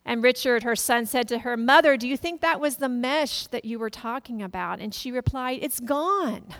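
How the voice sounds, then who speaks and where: Woman pastor, slightly high voice, gentle storytelling sermon. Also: normal speed. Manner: gentle storytelling, quoting family members softly.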